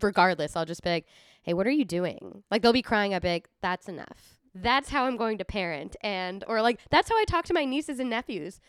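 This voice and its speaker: A woman's voice: medium pitch, lively intonation, fairly quick, hardly any pauses, a bit bright, smooth, dry recording. A woman co-hosting a podcast in casual chat, dry and sarcastic, often laughing. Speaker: podcast co-host. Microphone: studio microphone.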